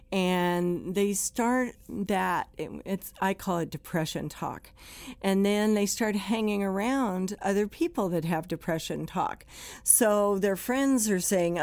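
A woman's voice: mid-range voice, unhurried, a little mellow, no room sound. A woman hosting a podcast for first responders, giving plainspoken advice in a conversational way and acting out quoted complaints.

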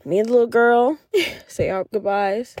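A woman hosting a podcast, telling a story in a casual, animated way and acting out the voices she quotes, laughing often. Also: on the high side, moderate pace, no echo, studio quality. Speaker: podcast host.

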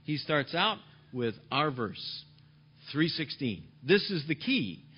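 On a dull, lo-fi recording, a pastor delivers a sermon with emphasis, echoing key phrases and sometimes softening his voice. He speaks slowly in a husky, sing-song voice that sits a little high.

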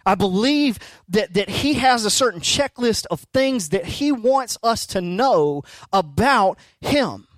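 High-voiced pastor, halting and chatty. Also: male voice, lively intonation, no echo. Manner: halting, many restarts and fillers, joking asides. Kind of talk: casual conversational sermon. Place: darkened church auditorium.

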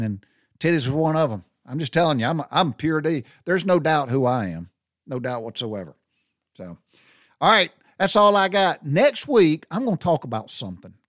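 A man's voice: on the high side, lively intonation, normal speed, no room sound, studio quality. An older man, hosting a casual solo podcast in a rambling, profane, folksy way. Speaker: podcast host.

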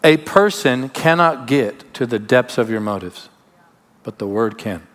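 A man preaching a sermon as pastor, emphatic, with sudden drops to quiet asides. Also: medium pitch, lively intonation, unhurried. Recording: long hall reverb.

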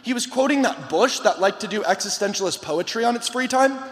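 Man, very high voice, animated camp preacher, long echo of a big hall. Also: fairly quick. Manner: animated, shouting to a rowdy crowd, playful asides. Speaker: camp guest speaker. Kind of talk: energetic youth sermon. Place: large hall with a live audience.

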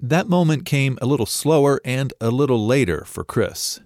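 A man giving scripted news narration in a measured, steady delivery. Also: medium pitch, dry recording, clean studio sound. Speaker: reporter narrator.

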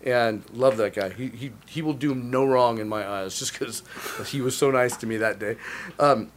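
A man in his forties co-hosting a casual podcast, spinning anecdotes with lots of laughter and tripping over his words. His voice sits at an everyday middle pitch. He is chatty and excitable. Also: moderate pace. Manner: animated storyteller, stumbles and repeats words, laughs often. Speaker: podcast co-host. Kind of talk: casual chat, storytelling.

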